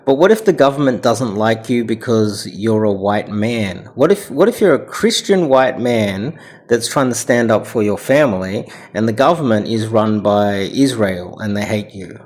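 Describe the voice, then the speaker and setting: A man's voice: on the low side, lively intonation, normal speed. Ranting Australian man commentator. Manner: ranting, sarcastic. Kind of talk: reaction commentary.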